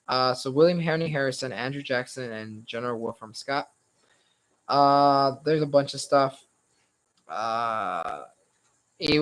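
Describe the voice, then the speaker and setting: A young man running a relaxed study session, talking in a loose, rambling way with plenty of swearing and shrugging hedges. His voice sounds a bit worn and strained, and it sits at an ordinary middle pitch. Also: rough recording. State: slightly strained voice. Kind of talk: casual study-session lecture.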